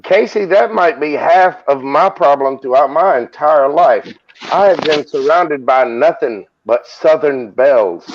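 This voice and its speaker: Slow joking man rambling on a stream. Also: fairly high pitch, dull audio. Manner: joking, rambling, swears, stammers. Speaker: live stream guest. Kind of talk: casual live chat.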